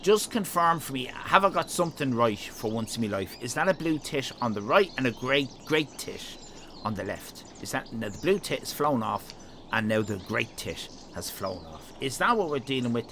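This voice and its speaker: Irish streamer, gravelly bright voice, jumpy lively delivery, jokey rambling chat. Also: male voice, medium pitch, normal speed, slight background noise. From Northern Ireland. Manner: rambling, jokey, chatting to viewers. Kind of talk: casual live-stream chat.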